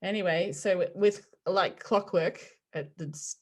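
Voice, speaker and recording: A woman in her forties, a podcast guest telling personal stories in an animated way, often laughing and acting out what people said. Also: on the low side, measured pace. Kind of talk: conversational storytelling.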